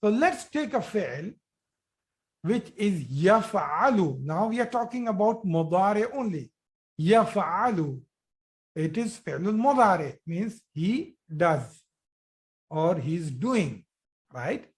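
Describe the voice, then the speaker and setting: A teacher giving a live online grammar lesson, explaining slowly and repeating forms, checking with students by asking questions. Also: female voice, medium pitch, very animated, a little mellow. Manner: slow, repetitive explaining, asks students questions.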